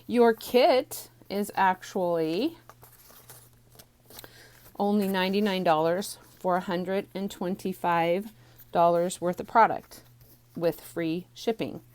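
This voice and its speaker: A woman's voice: on the low side, slow pace, long pauses, a little mellow. A woman teaching a stamping card class from home, chatty and rambling with many ums, a little out of breath, recorded on a phone on a small tripod. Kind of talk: casual craft tutorial.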